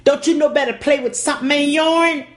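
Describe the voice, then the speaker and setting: A woman's voice: sits high, fairly even intonation, fast talker, voice pushed up, close to an everyday voice. A woman voicing a stern, angry father who barks commands at his little daughter in a spoken story. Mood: stern, scolding.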